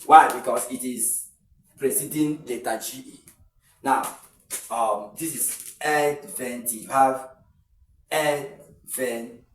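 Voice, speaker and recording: A man with a Nigerian English accent gives an online pronunciation lesson, repeating each word slowly and stretching it out. His voice sits a little back from the mic in an echoey room, with faint hiss underneath. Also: mid-range voice, recorded from a distance. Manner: explains slowly, repeats words and drawls them out. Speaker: English teacher.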